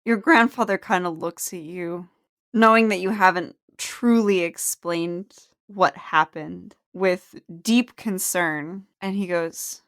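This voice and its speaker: A woman's voice: lowish voice, steady tone, takes it slowly, a bit bright. A woman narrating as game master in a tabletop game, casual and full of fillers.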